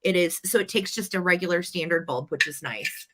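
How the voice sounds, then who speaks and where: A woman's voice: fairly low pitch, fairly quick, noisy background. A woman co-hosting a live vintage sale, chatty and playful as she describes items in detail. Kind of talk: live-stream auction chat.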